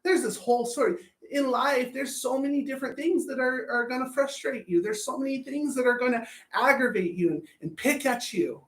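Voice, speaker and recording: With a very high, slightly bright voice and a brisk pace, a man coaches anger management in a blunt, profane self-help talk. He often repeats words while thinking, and the recording carries a roomy echo.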